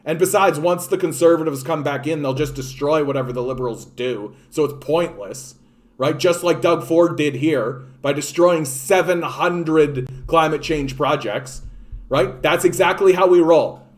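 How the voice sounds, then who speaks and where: A man's voice: a little high, a little slow. A man with a Canadian accent, a political streamer, ranting with heavy profanity and sarcasm and answering a live chat. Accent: Canadian English. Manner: profane, sarcastic, reads articles aloud mockingly.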